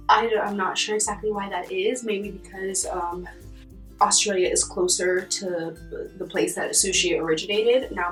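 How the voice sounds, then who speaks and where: A young American woman vlogging in casual chat, animated and chatty, acting out quoted voices as she goes. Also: mid-range voice. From United States. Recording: roomy, from a distance, soft guitar music behind.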